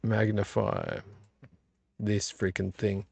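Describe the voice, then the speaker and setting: Tired vlog host, gravelly, dry close sound, rambling chat. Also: male voice, lowish voice, takes it slowly, dry recording. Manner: relaxed, rambling, complains about covers. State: tired and yawning. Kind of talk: casual late-night chat. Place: home room.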